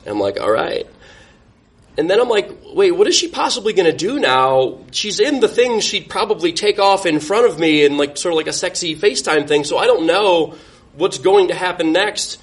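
Man, young adult, podcast guest, wry self-mocking storyteller, slightly raised pitch. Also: very animated, moderate pace. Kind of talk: personal storytelling.

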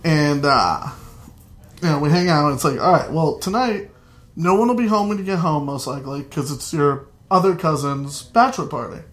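A man telling a comic story to a live audience, lively and loose, swearing freely. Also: fairly high pitch, normal speed.

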